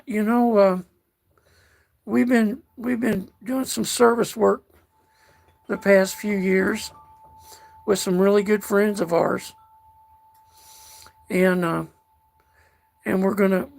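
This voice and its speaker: Slow gravelly older man, folksy. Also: sits high. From United States. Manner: slow, folksy, calls viewers darling. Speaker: livestream host reading chat. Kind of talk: casual livestream chat.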